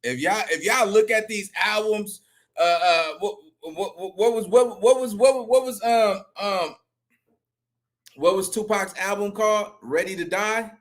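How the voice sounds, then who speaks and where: Man, high voice, live stream reaction, rambling, profane, repeats himself. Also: a little slow.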